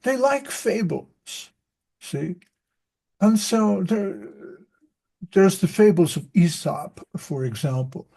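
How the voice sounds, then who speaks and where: This man teaches reading and rambles loosely through a casual group discussion, often restarting his sentences like a self-interrupting storyteller. His voice is high, slow, creaky and mellow, slightly rough, with lively intonation.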